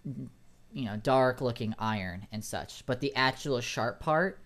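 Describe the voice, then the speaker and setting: A man's voice: medium pitch, a little slow, fairly bright tone. A man narrating as dungeon master in a tabletop game, hesitant and searching for words.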